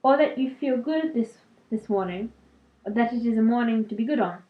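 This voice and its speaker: A woman's voice: on the high side, normal speed, close to an everyday voice. A woman reading as a wry old wizard, tinny echoey recording.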